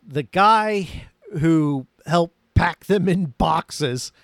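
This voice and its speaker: A man co-hosting a casual movie review podcast, animated and sarcastic, laughing often. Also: a little high, drawn-out words, no echo, clean studio sound. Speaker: podcast co-host.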